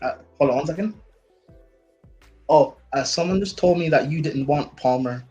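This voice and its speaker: A man's voice: fairly high pitch, moderate pace, dark tone, muffled recording, soft background music, lightly acted. A man improvising as a skeptical male club owner who grills his manager with probing questions in a comedic role-play. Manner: probing, reading off the record.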